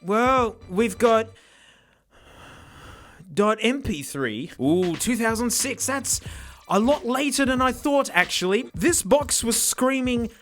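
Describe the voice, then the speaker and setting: Hoarse, excitable man. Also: very high-pitched, slow, faint music behind. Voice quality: raspy. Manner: excitable, mock-dramatic, laughs often. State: hoarse from yelling. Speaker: tech reviewer host. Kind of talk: casual gadget unboxing review.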